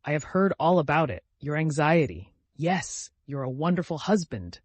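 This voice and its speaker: A worldly princess who gushes with ironical affability, voiced by a man reading an audiobook, lifted in pitch and leaning into every phrase. The recording is dry and close. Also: big pitch swings, husky, no echo. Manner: ironical, gushing, brisk.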